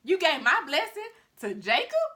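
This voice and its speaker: A woman voicing a grown man, a hunter son, pleading and indignant in high, flustered exclamations. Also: expressive, normal speed, bright, forceful tone, heavily acted. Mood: outraged. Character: adult male hunter son, upset and indignant.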